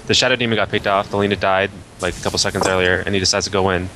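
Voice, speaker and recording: A man's voice: sits low, fairly even intonation, racing, over music. A man giving casual, analytical color commentary on an esports match, full of "I mean" and "like". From Canada.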